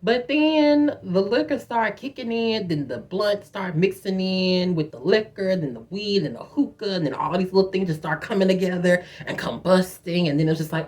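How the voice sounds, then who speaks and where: A woman with a lower-pitched, very lively voice spins a personal story for her viewers. She's chatty and profane and keeps calling her listeners "girl". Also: a little fast, hardly any pauses. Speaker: vlogger telling a personal story. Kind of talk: casual storytime monologue.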